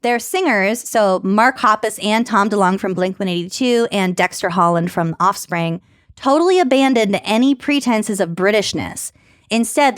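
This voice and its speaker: A woman's voice: medium pitch, no room sound, clean studio sound. A woman from Minnesota co-hosting a podcast, reading quotes from an article and riffing on them in casual chat. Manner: reads quotes aloud, then riffs casually with crude jokes. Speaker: podcast co-host.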